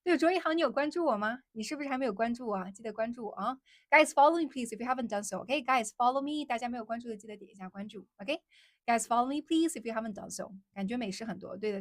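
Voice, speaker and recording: A woman's voice: on the high side, fast talker, no echo, studio quality. A young woman from China with Mandarin as her first language, hosting a casual livestream and answering viewers. She keeps repeating her phrases and switches between English and Mandarin. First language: Mandarin Chinese. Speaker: livestream host.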